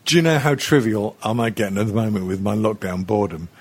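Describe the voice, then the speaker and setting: A man's voice: on the low side, expressive, quick pace, a little hiss or hum. A middle-aged man with a crude, rambling, mocking way of talking in a casual chat, swearing often and laughing as he goes.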